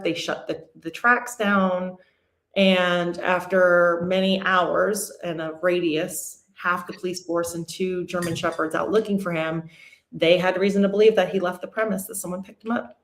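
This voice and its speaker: Steady, candid woman in a roomy space. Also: lowish voice. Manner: candid, steady even through hard memories. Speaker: podcast guest. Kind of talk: emotional personal storytelling. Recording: roomy echo.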